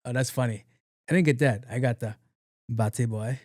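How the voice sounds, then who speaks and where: A man's voice: medium pitch, fast talker, darkish tone, no echo, studio quality. A young adult man hosting his own podcast, telling funny stories in a casual, joking way and acting out both sides of the conversations. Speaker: podcast host. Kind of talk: casual solo podcast monologue.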